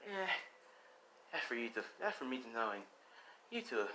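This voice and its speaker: A man's voice: medium pitch, big pitch swings, normal speed, pushed and bright. A man doing a sly, teasing cat burglar woman.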